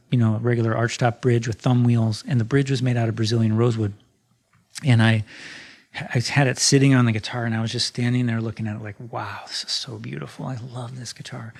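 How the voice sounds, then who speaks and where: A man hosting a podcast about guitar making, telling a story from his workshop in a casual, rambling way with plenty of fillers. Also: mid-range voice. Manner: relaxed and rambling, with many fillers and restarts. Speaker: podcast host and guitar maker.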